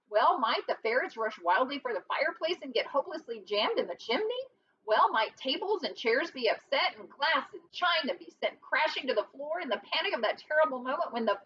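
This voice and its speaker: A woman reads a storybook aloud with lively expression and drops in short asides now and then. Her voice is bright and a bit high, and it comes through a dull, lo-fi recording with a faint hiss behind it. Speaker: reader.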